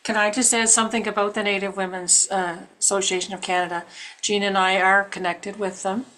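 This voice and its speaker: A woman's voice: mid-range voice, level tone, brisk, a bit bright. A woman taking part in a workshop over a video call, adding points to the discussion. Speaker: workshop participant. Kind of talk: casual discussion.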